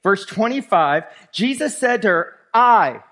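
A man's voice: very high voice, unhurried, a bit bright. A male pastor preaching a sermon. He reads scripture aloud and talks emphatically as he walks his congregation through the verses.

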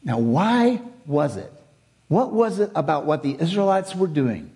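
A man's voice: on the high side, very animated, measured pace, dark tone. A man preaching a sermon, reading scripture aloud and explaining it with rhetorical questions and repetition.

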